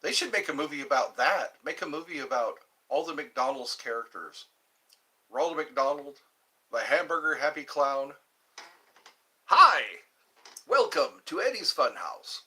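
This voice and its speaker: A man hosting a casual livestream from home, chatting in a rambling, animated way and reading viewer comments aloud. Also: normal speed. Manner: chatty, rambling, animated, with pitch leaps when greeting viewers. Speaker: livestream host.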